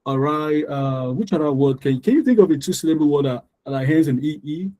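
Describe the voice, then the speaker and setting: A man's voice: fairly high pitch, brisk, mellow, highs cut off. A man teaching an English pronunciation lesson, drilling word stress and mixing in life advice, repeating words over and over. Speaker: English tutor.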